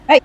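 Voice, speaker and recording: A woman's voice: darkish tone, low-quality recording. A young woman with a light German accent, chatting with her stream chat while playing a game, frustrated and talkative. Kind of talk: casual live-stream chat while gaming.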